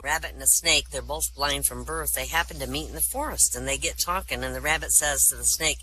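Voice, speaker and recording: A woman's voice: a little fast, hardly any pauses, slight background noise, rough recording. A woman telling jokes at a voice comedy show, acting out the characters with big jumps in her voice. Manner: animated, acts out characters with big pitch jumps. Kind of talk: live comedy joke-telling.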